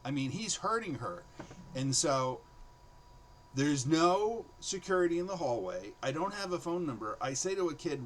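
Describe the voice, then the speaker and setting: A man's voice: on the high side, moderate pace, low-quality recording. Guy telling old school stories, voice going up and down a lot, bit of hiss. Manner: animated, acts out students' voices in quotes. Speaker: former teacher telling stories. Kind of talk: casual storytelling monologue.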